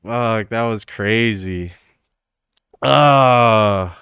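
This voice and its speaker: A man's voice: fairly low pitch, extremely slow, a bit bright, clean tone, no room sound, studio quality. A young man streaming, casually reacting to a clip and laughing often, swearing as he rambles. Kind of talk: casual live-stream commentary.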